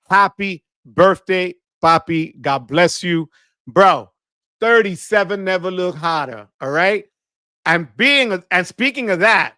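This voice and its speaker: A man hosting a live stream, greeting viewers one by one in an energetic, slangy way with Spanish words mixed in. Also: high voice, no echo, studio quality. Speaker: livestream host.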